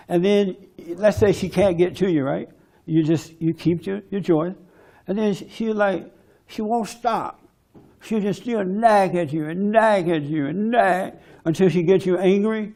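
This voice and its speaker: Brief: high, gravelly male speaker, forceful preacher style, conference talk. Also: a little slow. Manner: preachy, forceful, mimics others in quoted bits.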